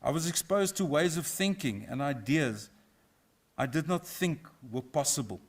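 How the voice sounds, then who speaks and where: A middle-aged professor from South Africa, giving a formal inaugural lecture in a measured, reflective way with a touch of humour. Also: male voice, a little high, lively intonation. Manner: measured, reflective, lightly humorous. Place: university auditorium.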